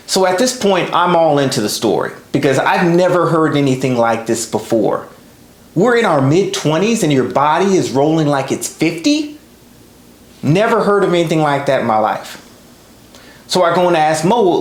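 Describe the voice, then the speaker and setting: Thirtysomething guy casually telling a story, kinda high voice, roomy echo. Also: moderate pace. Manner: relaxed, conversational, lively asides. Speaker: podcast storyteller.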